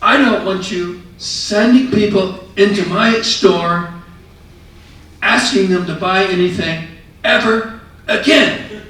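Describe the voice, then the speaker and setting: A livid little shopkeeper , as a male storyteller puts him on, shouting high and loud with his temper boiling over. the sound is roomy and echoing, caught from a mic some way off. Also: slow pace. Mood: furious shouting. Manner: shouting, enraged. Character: furious short stout male store owner. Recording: echoey room, mic far off.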